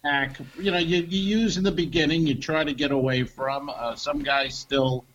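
Casual swearing comedian, lo-fi sound. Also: male voice, on the high side, steady tone, moderate pace, a bit bright. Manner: loose storytelling, swears freely. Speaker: comedy podcast co-host.

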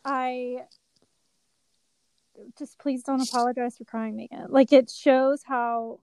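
A woman's voice: high-pitched, flat delivery, slow pace, warm tone, smooth, poor audio. A woman on a faith podcast, reassuring her co-host and getting emotional herself.

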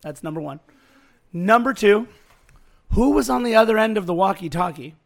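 A man co-hosting a sports podcast, hoarse from the night, hyped and jokey with quick asides. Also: high-pitched, expressive. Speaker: podcast co-host. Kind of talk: casual sports podcast chat.

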